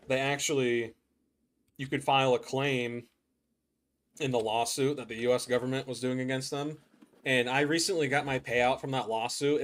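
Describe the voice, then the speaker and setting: A young man chatting casually to viewers while playing a game, rambling and laughing often. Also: medium pitch. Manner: rambling, laughs often, says "dude" a lot. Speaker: gaming streamer. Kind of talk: casual gameplay chat.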